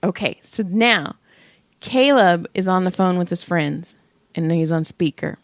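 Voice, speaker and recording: A woman co-hosting a podcast, chatting casually and telling profane, animated stories. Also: on the low side, unhurried, dry recording, clean studio sound. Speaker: podcast co-host. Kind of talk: casual chat.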